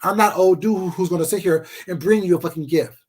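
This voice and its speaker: A man with a notably high voice delivers a profane, confrontational rant straight to camera. He is combative and talks to his viewers casually, as if they are sitting across from him. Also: fast talker, darkish tone, husky. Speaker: vlogger.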